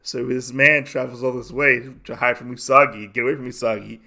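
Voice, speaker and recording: Gravelly man casually recapping a comic. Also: mid-range voice, a little fast. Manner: rambling, animated retelling. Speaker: podcast host.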